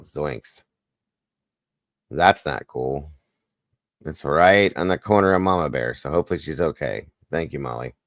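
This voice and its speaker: A man's voice: sits low, no echo, studio quality. A man hosting a casual livestream, chatting and greeting viewers by name one after another. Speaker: livestream host.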